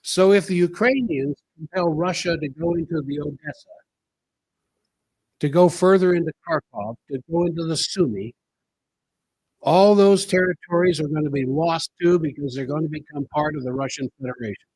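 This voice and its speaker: A man with a slightly high, husky voice delivers a solo commentary show in an emphatic style. He hammers his points home by repeating key phrases. The sound is dry and close, with no room echo. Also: normal speed, darkish tone. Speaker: political commentary host.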